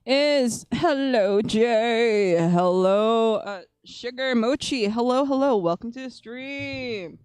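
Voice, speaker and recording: A woman's voice: fairly high pitch, slow pace, hardly any pauses, darkish tone, clean tone, dry recording, studio quality. A woman chatting casually on a live stream, rambling and restarting her sentences.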